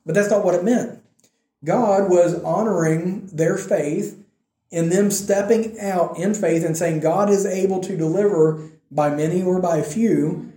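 A man giving a conversational sermon, telling a Bible story with animated delivery and acting out the quotes. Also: sits high, normal speed, reverberant. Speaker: preacher.

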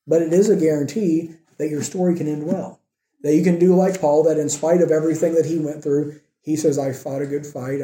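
A man preaching a sermon with earnest emphasis, swinging between raised emphatic points and quiet, soft asides. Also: fairly high pitch, reverberant. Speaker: pastor.

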